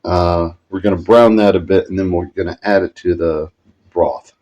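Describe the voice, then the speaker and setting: With a low, slightly mellow voice and fairly even intonation, a cooking vlogger moves at a normal pace through a casual recipe demonstration in his kitchen at home. He's chatty and rambling, and keeps correcting himself. The sound is lo-fi.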